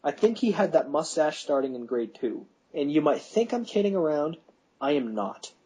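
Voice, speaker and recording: A man's voice: on the high side, very animated, normal speed, mellow, slightly rough, low-quality recording. A young man co-hosting a podcast, rambling through school stories and laughing at his own anecdotes, with a voice that cracks. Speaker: podcast co-host. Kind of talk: casual chat.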